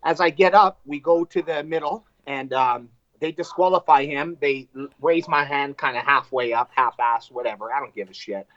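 A man's voice: mid-range voice, moderate pace, few pauses, no room sound, muffled recording. Profane storytelling fighter, man. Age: adult with wife and two kids. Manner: animated, profane, acts out quotes. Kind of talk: casual storytelling.

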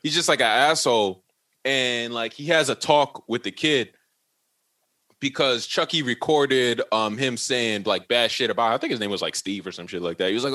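A man's voice: mid-range voice, normal speed. A man on a podcast casually retelling a movie plot, acting out each character's lines with plenty of swearing. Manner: animated storyteller who acts out the characters' lines, swearing and laughing. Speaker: podcast co-host.

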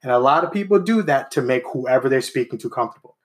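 A man in relaxed conversation, speaking at an ordinary middle pitch. He tells personal stories in a loose, chatty way. He often slips into the voices of the people he is quoting. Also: fast talker. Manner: storytelling, acts out voices of people he quotes. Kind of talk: casual chat.

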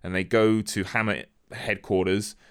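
A man casually recapping a film, acting out the characters' lines with animated energy. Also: on the low side, unhurried, clean tone. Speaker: podcast co-host recapping a film. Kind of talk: casual chat.

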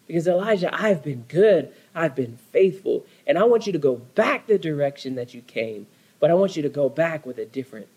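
A pastor delivers a sermon, telling his story earnestly and dramatically and leaning on repeated phrases for emphasis. His voice is a touch higher than most men's. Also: lively intonation, brisk, darkish tone, breathy edge, low-quality recording. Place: church.

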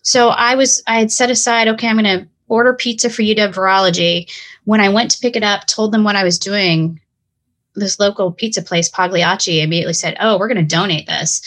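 A woman's voice: mid-range voice, steady tone, a little fast, a bit bright. A middle-aged woman with a talkative, hyper manner, telling her story as an interview guest. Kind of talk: storytelling in a conversation.

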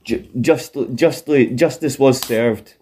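A man's voice: mid-range voice, slow pace, a little hiss or hum. A man chatting casually on a wrestling podcast, swearing a lot and laughing often. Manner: profane, animated, laughs often. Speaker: podcast co-host.

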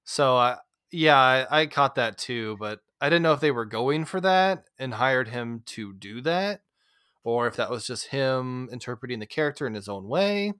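A man hosting a relaxed movie talk, his voice at an everyday middle pitch. He chats loosely and laughs easily. The sound is dry and close. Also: moderate pace, clean tone, no echo. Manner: chatty, uses "like" a lot, laughs easily. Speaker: podcast host. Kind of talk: casual movie discussion.

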